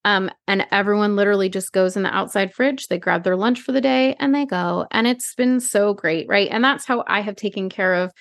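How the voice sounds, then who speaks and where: A woman in her thirties co-hosting a podcast, talking casually with lots of fillers and animated asides. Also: mid-range voice, brisk, hardly any pauses, no echo, studio quality. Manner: chatty, lots of "like", animated retelling. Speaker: podcast co-host. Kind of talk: casual chat.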